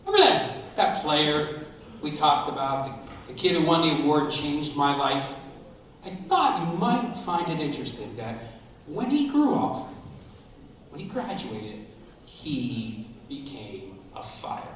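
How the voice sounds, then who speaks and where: A middle-aged man speaks to a school assembly in a high, bright voice that swings widely as he jokes and coaches. He sounds distant from the mic. His voice echoes heavily around a large hall. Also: unhurried, slight background noise. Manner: animated, coaching and joking. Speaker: motivational speaker.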